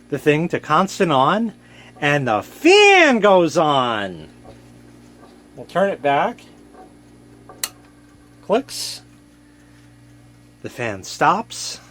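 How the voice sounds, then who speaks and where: Slow-talking man showing off an old gadget. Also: fairly high pitch, fairly bright tone. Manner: joking, self-mocking, rambling. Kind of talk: casual show-and-tell.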